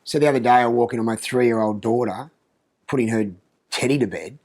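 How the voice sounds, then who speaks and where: A man with an Australian accent doing a comic monologue about parenting, deadpan and crude. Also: medium pitch, fairly quick. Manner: deadpan, crude, mocking asides. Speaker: comedian. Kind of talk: stand-up style comic monologue.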